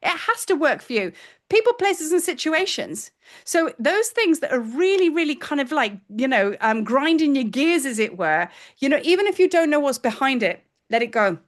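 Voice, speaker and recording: A woman in her fifties talks through a spiritual lesson in a casual, chatty way, acting out her own thoughts as she goes. Her voice sits a little high for a woman. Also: normal speed. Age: 50s. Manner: animated, chatty, acts out her own inner voice. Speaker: spiritual teacher. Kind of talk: casual spiritual teaching talk.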